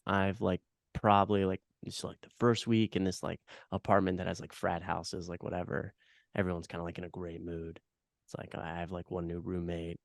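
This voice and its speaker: Young dude with a real low voice, dry close mic, says like and dude constantly, swears a lot. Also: male voice, little pitch movement, normal speed, vocal fry, dry recording. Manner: filler-heavy, swearing, enthusiastic agreeing. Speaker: podcast host. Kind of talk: casual podcast chat.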